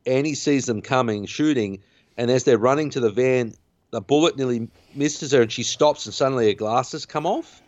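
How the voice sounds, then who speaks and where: In a dull, lo-fi recording with no room sound, a podcast host chats casually about a film's plot. His mid-range voice is a little mellow and moderately paced, and he rambles with lots of fillers and restarts.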